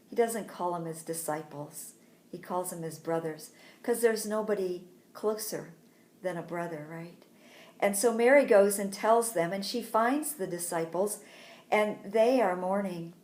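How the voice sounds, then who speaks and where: A woman teaching a Sunday school lesson for children, telling a Bible story slowly and expressively. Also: mid-range voice, darkish tone, echoey room.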